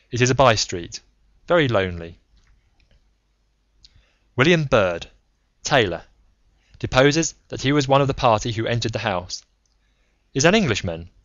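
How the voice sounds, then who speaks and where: Male audiobook narrator, measured reading, dry close sound, slightly dull lo-fi audio. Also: medium pitch, fairly bright tone, no room sound. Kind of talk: scripted narration. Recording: slightly muffled lo-fi recording.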